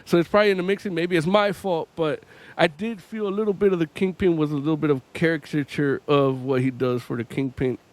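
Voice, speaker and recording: A man's voice: fairly high pitch, fairly even intonation, a little fast. A man hosting a podcast in loose, casual chat, swearing freely and laughing often as he talks. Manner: loose, profane, laughs often while talking. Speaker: podcast host.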